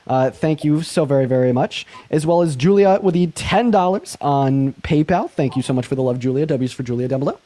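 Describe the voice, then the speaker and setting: A young man hosting a live-stream call-in, talking fast with lots of fillers and thanking donors by name. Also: fairly high pitch, dark tone. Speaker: livestream host.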